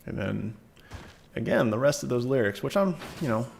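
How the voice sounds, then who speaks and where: A man's voice: mid-range voice, animated, quick pace, creaky, darkish tone, breathy edge. A man streaming a game, chatting casually and rambling through asides and self-corrections into a desk microphone. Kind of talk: casual live-stream chat. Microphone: desk microphone on a shock mount.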